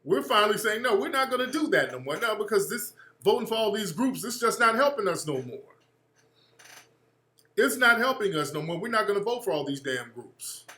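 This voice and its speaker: A man's voice: sits high, normal speed, reverberant. A man hosting a radio show, delivering a blunt, profane political commentary monologue. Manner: blunt, profane, animated ranting.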